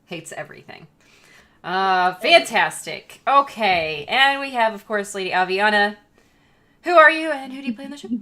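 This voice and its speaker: A woman game master introducing her players, upbeat and wry. Her voice is mid-pitched and lively, climbing and dipping with amusement. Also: normal speed. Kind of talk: hosting a tabletop game stream.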